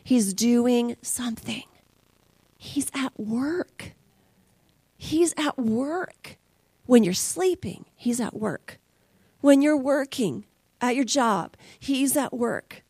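A woman's voice: on the high side, animated, takes it slowly, pauses often, a little mellow, breathy edge, dry recording. A woman preaching a sermon as a conversational, emotional testimony, dropping at times to near whispers.

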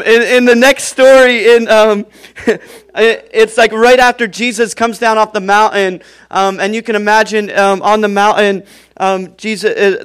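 A man's voice: high voice, fairly bright tone, clean tone. A young man preaching a sermon in a casual, chatty way, with many fillers, praying and reading scripture.

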